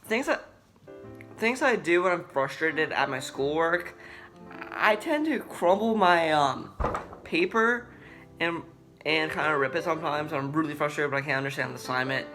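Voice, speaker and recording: A young man talking earnestly to camera in a vlog, halting and restarting as he speaks. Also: a little high, animated, music in the background. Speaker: vlogger. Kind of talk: personal talk to camera.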